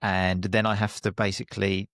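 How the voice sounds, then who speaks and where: Gravelly low-voiced Essex man chatting. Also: flat delivery, moderate pace, a bit bright, dry recording, clean studio sound. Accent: Essex English, softened. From Essex, England. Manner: chatty, laughs often, self-deprecating. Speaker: guest, English teacher and podcaster. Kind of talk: casual conversation.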